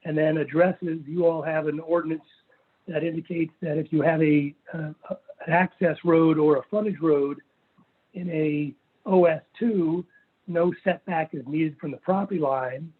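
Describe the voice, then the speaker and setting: A man's voice: a little high, steady tone, measured pace. A man presenting his case at a city planning hearing, reading and stressing passages from a plan in an earnest, methodical way over a video call. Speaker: property owner applicant. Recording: phone-like virtual meeting audio.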